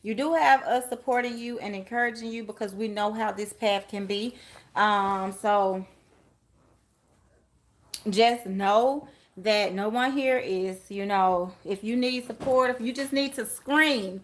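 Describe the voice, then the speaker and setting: A woman's voice: mid-range voice, a little slow. A woman giving a live-stream tarot reading, chatting with viewers and laughing often. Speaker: tarot reader.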